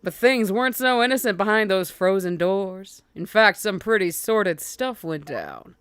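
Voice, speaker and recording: A woman's voice: mid-range voice, expressive, moderate pace, fairly bright tone, clear, resonant tone, no room sound, studio quality, natural voice. A woman voicing a slick male attorney who tells an old story in hard-boiled, slangy patter. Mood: storytelling.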